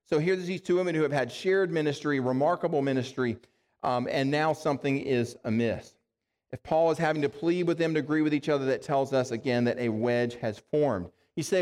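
A man's voice: on the high side, darkish tone, big-room sound. A male pastor giving a conversational sermon, explaining scripture and asking the congregation rhetorical questions.

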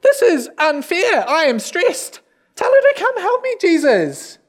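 A man's voice: extremely high pitch, huge pitch swings, unhurried, pitched above the performer's own voice, exaggerated voice. A man voicing an exasperated woman overwhelmed by hosting a dinner, with a pleading, whiny complaint.

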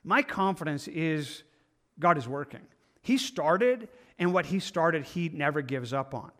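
A man's voice: a little high, animated, measured pace, a bit bright. A male pastor preaching a sermon in an earnest, conversational way, sometimes acting out the inner voices of his listeners.

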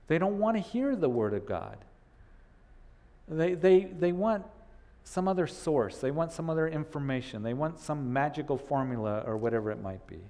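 A man's voice: on the high side, mellow. A man preaching a sermon in earnest, repeating phrases and voicing the doubts of his listeners. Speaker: pastor. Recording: long hall reverb.

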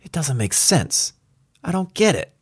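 A man's voice: a little high, very animated, a little slow, husky, no echo, studio quality, voice pushed up, exaggerated voice. A man reading a tense spaceship lead. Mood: puzzled.

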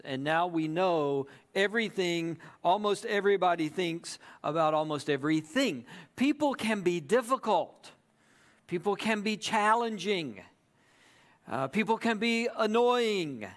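A man preaching a sermon in a conversational way, often checking in with the audience. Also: fairly high pitch. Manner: conversational, repeats "right?" to the audience. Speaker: pastor.

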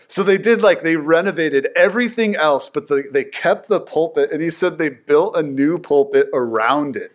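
A man giving casual Bible teaching, telling stories in an animated, chatty way full of fillers. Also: on the high side, normal speed, hardly any pauses.

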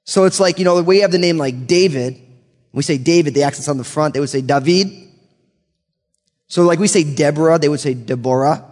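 A man's voice: fairly high pitch, fast, a little mellow. An American man teaching verse by verse from the Bible, reading long name lists and joking casually between passages. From United States. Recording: long hall reverb.

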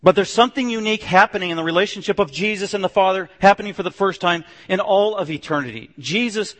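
Emphatic preacher, man, reverberant hall. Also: fast talker. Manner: emphatic, swings between loud declarations and low hushed stretches. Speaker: pastor. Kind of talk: sermon.

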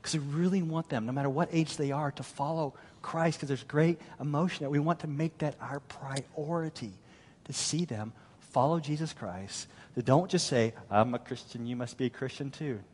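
Pastor preaching in a reverberant hall. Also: male voice, on the high side, normal speed, a little hiss or hum. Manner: animated, storytelling, acts out quoted voices. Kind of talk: sermon. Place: large church hall. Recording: long church-hall reverb.

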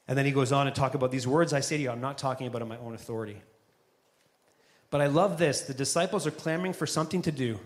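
Speaking at a quick pace in a mid-range voice, a male pastor gives a sermon to a live congregation in church, keeping a conversational style peppered with jokes.

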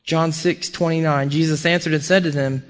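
A man preaching a sermon to a congregation, animated and conversational, asking his listeners questions. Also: fairly high pitch, normal speed. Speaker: pastor; parent.

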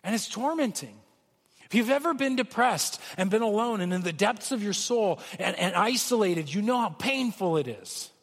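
A man's voice: high-pitched, expressive, normal speed, creaky, big-room sound. A man preaching a sermon as pastor, earnest, switching into acted quotes of pleading voices.

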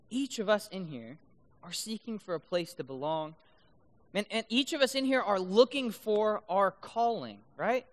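A man giving a youth talk to high schoolers, playful and constantly checking in with the audience. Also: pushed and bright. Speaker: youth speaker. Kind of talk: youth talk with duck call demos. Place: large room full of high schoolers. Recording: long reverb in a hall.

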